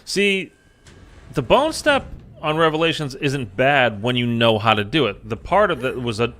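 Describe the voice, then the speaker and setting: A man's voice: mid-range voice, big pitch swings, moderate pace, sharp tone. A man giving casual, rambling commentary while playing a video game, full of fillers. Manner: rambling, filler-heavy, chatty. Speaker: gaming YouTuber.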